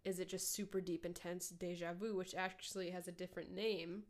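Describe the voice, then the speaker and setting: A woman's voice: fairly low pitch, level tone, a little fast. A young woman from Minnesota with a light Minnesotan accent, co-hosting a podcast in rambling, profane casual chat on a studio mic. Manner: rambling, profane, with many "like" fillers. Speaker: podcast co-host. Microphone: headphones and studio mic.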